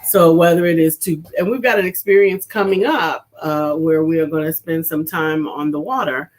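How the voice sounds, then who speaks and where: A woman's voice: low voice, steady tone, moderate pace. A middle-aged woman from New York, co-hosting a casual chat show, upbeat and chatty with frequent laughter. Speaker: podcast co-host.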